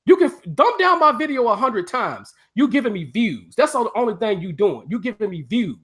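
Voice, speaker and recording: A man's voice: very high-pitched, very animated, fairly quick, a bit bright. A man on a casual live stream, ranting profanely and taunting a viewer.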